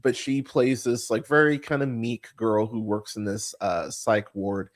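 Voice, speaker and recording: A podcast host speaks in a lowish voice with fairly even intonation. His casual chat rambles and swears freely, halting with lots of fillers and restarts.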